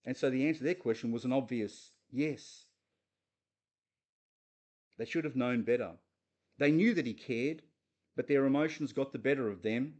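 A man's voice: medium pitch, moderate pace, long pauses, darkish tone. Guy giving a chatty sermon, earnest, keeps asking the crowd stuff. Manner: earnest, talks straight to listeners with questions. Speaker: preacher. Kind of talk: conversational sermon on a Bible passage.

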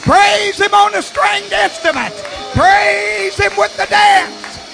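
High raspy preacher in an echoing church. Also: male voice, steady tone, slow, over music, a crowd in the background. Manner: fervent, swings from hushed to shouting. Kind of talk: sermon. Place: church sanctuary. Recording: long church reverb.

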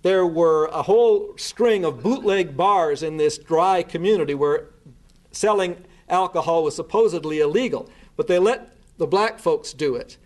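A man's voice: on the high side, moderate pace. A man giving a talk, earnestly recounting events step by step and restarting his words as he goes. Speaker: speaker recounting a case. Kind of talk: spoken storytelling talk.

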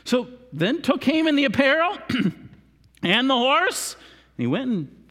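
A man preaching a sermon as a lively storyteller, acting out the characters and coaxing volunteers from the congregation. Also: very high voice, normal speed. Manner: animated, acts out characters, coaxes volunteers. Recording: long hall reverb.

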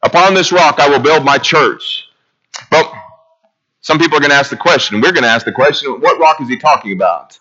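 A man preaching a sermon in a church, earnest and full of rhetorical questions, his voice swelling high and then dropping low. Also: fairly quick, sharp tone, highs cut off.

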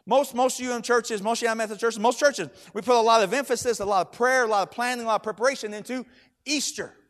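A high-pitched middle-aged man preaching in a church, circling back on his phrases as he tells a story. His voice swells into loud, emphatic declarations. It rings with the long reverb of a large hall. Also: fairly even intonation, fast talker. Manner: storytelling preacher, repeats words, rising to loud emphatic shouts. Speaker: pastor. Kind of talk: sermon.

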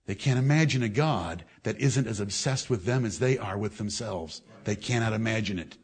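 Confrontational and scolding, a male preacher delivers a fiery sermon that shifts from loud, raised declaiming to low, intense reasoning directed right at his audience. His intonation is lively, his speed normal, and his voice slightly rough.

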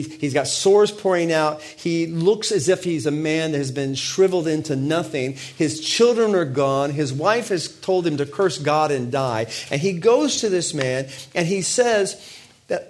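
A man preaching a sermon, impassioned and full of rhetorical questions, slowing down to read scripture aloud. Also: a little high, darkish tone. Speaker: pastor.

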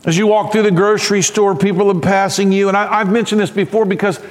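A middle-aged man preaching a sermon as pastor, animated and acting out voices and cries. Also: sits high, fast talker. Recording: long hall reverb.

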